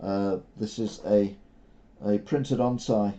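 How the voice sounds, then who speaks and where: A man's voice: fairly low pitch, fairly even intonation, slow, mellow. An older man hosting a live stream in a casual, sarcastic, rambling way, full of fillers. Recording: dull lo-fi stream audio.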